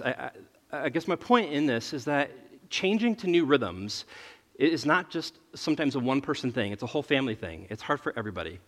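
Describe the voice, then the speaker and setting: A man in his thirties, a pastor telling a family story in a relaxed, chatty sermon and often laughing at himself. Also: mid-range voice. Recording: long reverb of a large hall.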